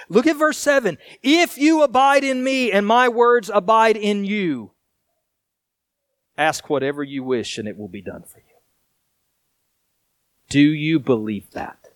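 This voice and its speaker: A man pastor preaching a sermon, reading scripture and explaining it in an earnest way, sometimes raised and sometimes hushed. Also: sits high, lively intonation, normal speed, long pauses, dry recording, studio quality.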